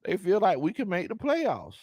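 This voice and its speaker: A man's voice: high voice, sing-song, normal speed, a little mellow, slightly rough, no room sound, clean studio sound. A man hosting a casual live-stream sports chat, reading viewer comments aloud and laughing often. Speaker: sports talk show host.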